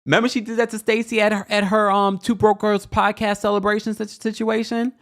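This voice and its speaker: A man hosting a chatty reality TV recap, sassy and animated, talking straight to his viewers and acting out what people said. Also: high-pitched, brisk. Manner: animated and sassy, acts out quotes in shifting voices; chatty, addresses viewers directly. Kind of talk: casual recap commentary.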